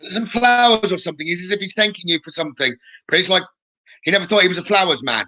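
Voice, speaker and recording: A man speaks as a psychic medium on a live stream. His voice sits high and sounds bright and forceful, and he talks in a chatty way, passing on messages and checking in with a quick "okay?". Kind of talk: live-streamed spirit readings.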